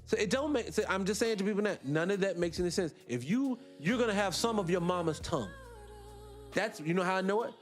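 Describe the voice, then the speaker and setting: A man hosting a radio talk show, arguing his points in an animated, rhetorical way and repeating himself for emphasis. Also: high-pitched, fast, faint music behind. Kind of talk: opinionated solo radio talk.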